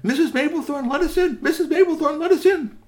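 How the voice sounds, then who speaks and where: A man voicing a young boy in a bedtime story, in a high, laughing voice. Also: quick pace. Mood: pleading. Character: giddy young boy riding off with friends.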